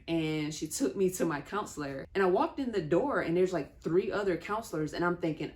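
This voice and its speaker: A woman's voice: lowish voice, a little fast, hardly any pauses, darkish tone. A young woman telling a personal story in a candid, conversational way, with small laughs between sentences. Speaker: vlogger.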